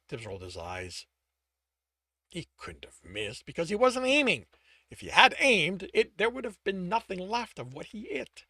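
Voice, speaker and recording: A man reads his own novel aloud in a slightly higher voice with very lively intonation. He trips over words now and then and goes back to fix them. The recording is close and dry. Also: moderate pace, breathy edge, no room sound. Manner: self-correcting slips while reading.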